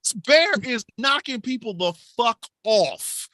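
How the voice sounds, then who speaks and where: This co-host recaps a film in a loose, swear-heavy chat, full of mock outrage. The voice is bright and leaps all over the place in pitch. The sound is dry and close. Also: lively intonation, takes it slowly, no room sound. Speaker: podcast co-host. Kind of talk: casual profane film recap.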